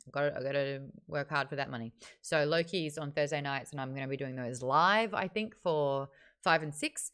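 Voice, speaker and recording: A chatty woman hosting a livestream book club, her voice bright and sharp. She talks in an animated, casual way, hopping from one topic to the next with a smooth, clear tone. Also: sits low, normal speed.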